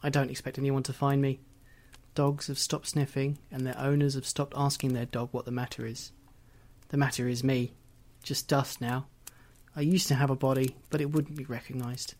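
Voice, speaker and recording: A man reading as the ghost of a murdered woman, telling her story quietly and wryly. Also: medium pitch, level tone, normal speed, close to an everyday voice. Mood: wistful. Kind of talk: audiobook reading.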